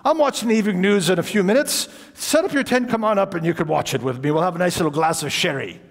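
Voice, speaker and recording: A man voicing a generous, wealthy older gentleman who keeps offering hospitality, in a reverberant hall. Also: high-pitched, quick pace, voice pushed up. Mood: coaxing.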